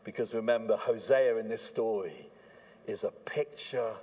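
A man preaching a sermon at an evening church service, earnest and swinging between hushed warnings and fervent emphasis. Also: lowish voice, expressive, a little slow, vocal fry, husky.

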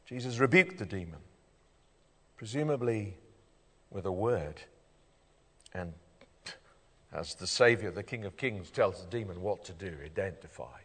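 Male preacher, sermon, highly animated delivery, voice ringing in a large hall. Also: a little slow, long pauses, husky. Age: adult, father of children. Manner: animated, swings from loud emphasis to quiet intensity, asks rhetorical questions. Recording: reverberant hall.

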